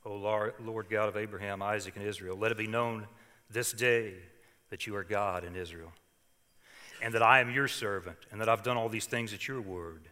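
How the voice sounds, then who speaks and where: Older male pastor, dramatic sermon delivery, bright tone in a reverberant hall. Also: lowish voice, moderate pace. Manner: dramatic scripture reading, swings from hushed to loud.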